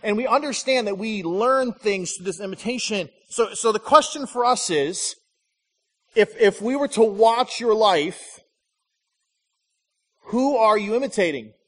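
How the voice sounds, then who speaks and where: A man's voice: high-pitched, lively intonation, a little slow, in a large hall. A man from Michigan preaching a conversational sermon as a pastor, telling stories and acting out the people he quotes. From Michigan, USA. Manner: storytelling, acts out quoted voices.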